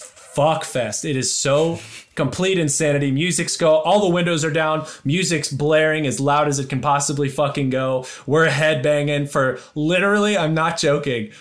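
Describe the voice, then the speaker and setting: A young man telling a wild story in casual chat, excitable and profane, with lots of restarts. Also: on the high side, normal speed. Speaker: storyteller guest.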